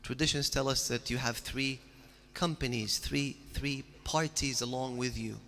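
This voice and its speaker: A man's voice: mid-range voice, steady tone, a little slow, sharp tone. A man giving a religious sermon, telling stories with earnest, rising emphasis. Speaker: preacher. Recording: long hall reverb.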